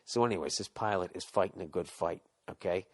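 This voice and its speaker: A man's voice: low-pitched, fairly quick. A man hosting a podcast, delivering a rambling, profane, sarcastic comedic rant. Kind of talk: ranting comedic monologue.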